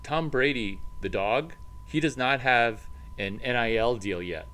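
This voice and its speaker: A man's voice: mid-range voice, a little slow, fairly bright tone, rough recording. A man rambling playfully in a casual monologue as an entrepreneur vlogger, jumping between topics and cooing at his dog.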